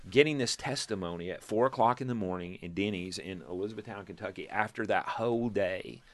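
Here a man in his fifties, a Texas church planter, moves a little fast in a lower register while telling a long testimony story to a casual group. He acts out quotes with animation, chuckles along the way, and frequently begins again.

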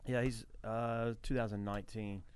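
A man's voice: lowish voice, level tone, moderate pace, darkish tone, a little hiss or hum. A man talking earnestly about worship, repeating phrases as he builds emphasis. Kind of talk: conversational preaching.

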